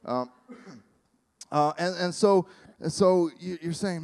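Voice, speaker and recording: A man preaching a sermon in a conversational, halting way, with sarcastic humor. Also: sits high, steady tone, creaky, darkish tone. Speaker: pastor.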